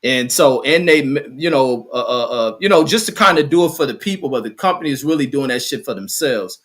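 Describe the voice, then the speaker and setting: A man's voice: medium pitch, lively intonation, fairly quick, fairly bright tone. A man from Los Angeles hosting a podcast in casual chat, swearing and loose in his talk. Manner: profane, loose and laughing. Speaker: podcast host.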